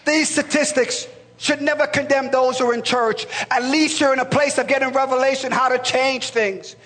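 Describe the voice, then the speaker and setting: Brief: man in his forties, pastor, high and bright voice, passionate sermon, big reverberant hall. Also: steady tone, moderate pace. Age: 40s. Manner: impassioned, rising to shouts, stammering restarts.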